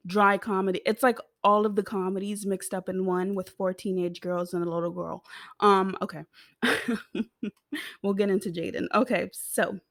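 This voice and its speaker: A woman's voice: mid-range voice, a bit bright, no echo, studio quality. A young American woman giving a casual, rambling TV recap, giggling and swearing freely as she talks. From United States. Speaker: TV show reviewer.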